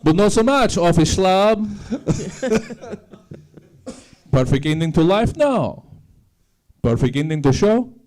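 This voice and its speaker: A man doing a put-on Russian accent in broken English, a deadpan comic figure musing grandly. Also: sits high, full character voice. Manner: slow, grandly philosophical comic delivery. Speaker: comedy show guest.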